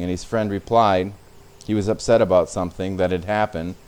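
A man's voice: fairly low pitch, fairly even intonation, normal speed, few pauses, darkish tone, smooth. A man preaching a sermon as a pastor, speaking conversationally and sometimes repeating words.

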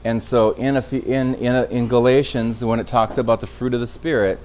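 A man's voice: medium pitch, steady tone, a little fast, darkish tone, slight background noise. A man teaching an informal Bible study in a conversational way, often restarting phrases and checking in with his listeners. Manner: conversational, with frequent restarts and tag questions.

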